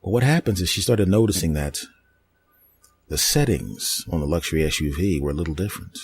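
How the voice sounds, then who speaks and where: A man's voice: deep voice, expressive, brisk, husky, no echo. A male podcast host telling crude, rambling comic stories in a mock-dramatic manner. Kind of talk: comedic storytelling monologue.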